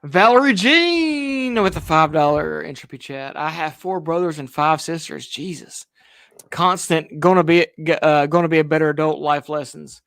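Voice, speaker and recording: A man with a gravelly, slightly high voice, reading donations aloud in a dry deadpan. The sound is close and dry. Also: normal speed, no room sound. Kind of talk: casual chat reading donations.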